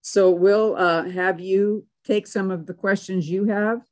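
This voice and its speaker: Soft-spoken woman moderating a call. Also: medium pitch, steady tone, unhurried. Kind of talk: moderating an online event. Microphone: video call.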